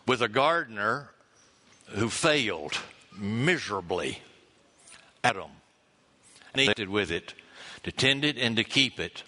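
A pastor with a fairly low voice preaches a sermon unhurriedly and deliberately, letting each word land. His tone is bright and forceful, and he acts out the lines he quotes with lively expression, pausing and chuckling along the way.

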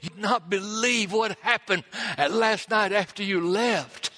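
A man voicing a young paralyzed athlete who tells his story breathlessly in a high, excited voice. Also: heavily acted. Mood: awed, excited. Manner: rushed, breathless, high-pitched telling. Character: paralyzed young male athlete, beaming with awe.

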